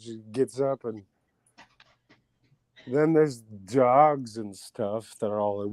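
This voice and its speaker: A man guest on a casual talk show, telling a story in an animated way and acting out quotes. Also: mid-range voice, slow, pauses often, no room sound.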